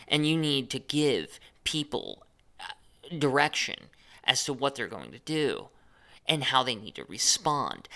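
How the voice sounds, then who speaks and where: A man speaks alone in a deliberate, chopped monologue, leaning hard on the words he means to stress. His pitch swings widely from phrase to phrase, and his voice has a gravelly edge. The tone is bright and forward. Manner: chopped, overly emphasized phrasing; unedited, speaks off the cuff. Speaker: channel host.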